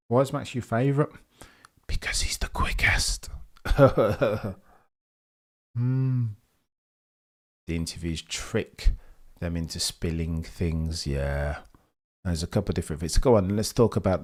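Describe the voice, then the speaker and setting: A deep-voiced man hosts a live motorsport watch-along from his home at night. He talks to his chat in an animated, theatrical way, swinging between loud bursts and hushed asides. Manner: animated, theatrical, chatty with viewers. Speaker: livestream host.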